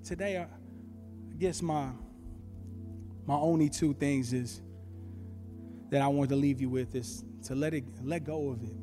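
A man preaching a sermon, telling stories in an animated way with bursts of shouting. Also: mid-range voice, measured pace, long pauses. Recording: long reverb with faint music.

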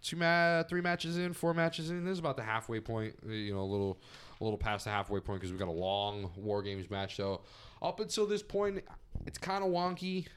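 A man's voice: fairly low pitch, a little fast, fairly bright tone, clean tone. A man co-hosting a podcast, casually recapping a wrestling event, rambling with many fillers. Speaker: podcast co-host.

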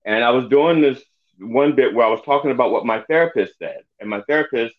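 A man's voice: medium pitch, fairly quick, narrow, tinny audio. A male comedian telling stories in casual podcast chat, swearing freely and restarting his sentences often. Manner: rambling storyteller, swears freely, many restarts. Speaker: comedian guest.

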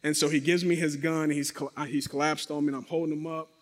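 A man's voice: a little high, quick pace. A man telling a dramatic personal testimony, speaking directly to his audience and acting out sound effects. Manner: animated, acts out sound effects and quotes. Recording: long reverberant hall.

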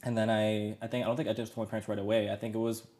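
A man's voice: fairly low pitch, little pitch movement, very fast, darkish tone. A man in his thirties, a podcast guest telling his story in a rambling casual chat full of fillers and restarts.

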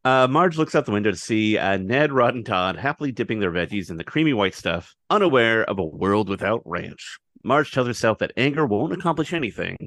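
A man's voice: lowish voice, lively intonation, fairly quick, few pauses, a bit bright, no echo, studio quality. A man co-hosting a podcast, recapping an episode in a playful, joking way. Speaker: podcast co-host. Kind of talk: casual chat and episode recap.

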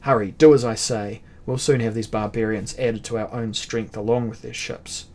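A man's voice: fairly low pitch, little pitch movement, moderate pace, a little mellow, natural voice. Erkun, a man playing a boastful demon-lord prince. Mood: commanding. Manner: boastful, barking commands. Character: arrogant cruel male demon-lord prince.

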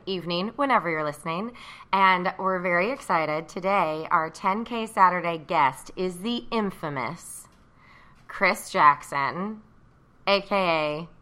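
Podcast host, woman in her thirties, cheerful teasing banter, crisp bright tone. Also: on the low side. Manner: upbeat, teasing. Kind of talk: casual chat.

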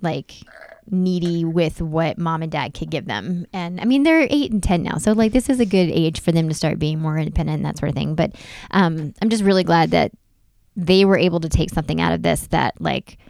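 A woman in her thirties talks casually as a co-host. Her voice sits a little low, and she chats in an animated, story-driven way full of "like". The sound is dry and close. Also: a little fast, vocal fry, no room sound. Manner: chatty, animated storytelling with frequent "like". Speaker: podcast co-host. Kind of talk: casual chat.

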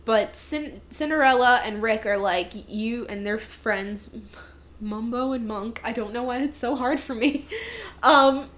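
Animated high-voiced woman, casual chat. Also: measured pace. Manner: animated storytelling, acting out lines with laughs. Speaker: podcast co-host reviewing a movie.

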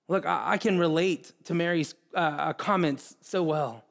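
A man preaching a sermon in an earnest way, often repeating words and pausing. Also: a little high, gravelly. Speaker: pastor.

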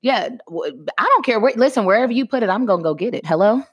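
A woman's voice: on the high side, fast talker, breathy edge, dull audio. A woman co-hosting a podcast, telling stories animatedly and talking straight to the audience. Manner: animated storyteller, talks to the audience as "y'all". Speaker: podcast co-host. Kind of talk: casual chat.

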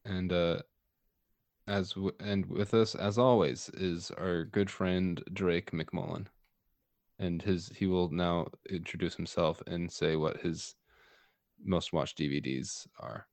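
A man's voice: deep voice, steady tone, takes it slowly, no echo. A young man co-hosting a casual podcast, speaking hesitantly with frequent ums. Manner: hesitant, lots of ums and soft restarts. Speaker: podcast co-host. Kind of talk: casual chat.

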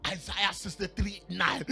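A man with a Nigerian accent preaching a sermon in church, telling a personal story with laughter and shouted exclamations. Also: sits high, gravelly.

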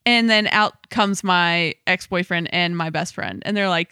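A woman telling a wild story in casual podcast chat, animated and full of "like". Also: fairly low pitch, measured pace, smooth, dry recording, studio quality.

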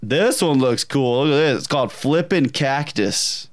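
Animated man chatting about games. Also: medium pitch, unhurried, no room sound, clean studio sound. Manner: animated, laughing, putting on silly voices in anecdotes. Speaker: podcast co-host. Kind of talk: casual gaming chat.

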